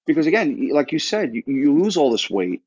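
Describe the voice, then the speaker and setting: A man's voice: fairly high pitch, very animated, brisk, darkish tone, slightly rough, no room sound, lo-fi sound. A man in his thirties from Florida, a podcast guest telling his story in a casual, rambling way full of restarts and quoted dialogue. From Florida, United States.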